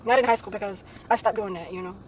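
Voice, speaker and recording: Speaking fast in a steady, mid-range voice, a young woman recounts a story for a casual vlog. Her telling rambles, packed with "like, um" and ending phrases on "right?" tag questions. The low-quality recording carries a little hiss or hum.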